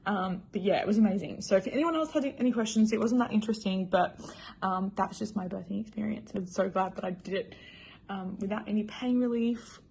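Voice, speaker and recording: A woman's voice: medium pitch, a little fast, vocal fry, darkish tone, a little hiss or hum. A young woman casually telling her personal story in a chatty, emotional way, full of fillers. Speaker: new mother.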